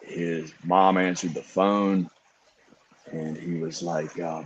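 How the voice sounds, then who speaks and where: A middle-aged man from Virginia with a very deep, low voice, chatting easily as a podcast co-host and coach. He rambles through his story, leaning on "you know" and "man." The sound is dull and lo-fi, like a livestream call. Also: little pitch movement, takes it slowly, a little hiss or hum. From Virginia, USA. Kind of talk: casual storytelling chat. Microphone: remote livestream call.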